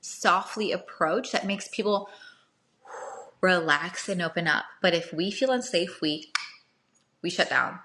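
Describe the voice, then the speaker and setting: A woman's voice: fairly low pitch, unhurried, long pauses, sharp tone, slight background noise. A young woman hosting casual dating advice talk for a live audience, chatty, often checking in with "right?" and acting out short bits of dialogue.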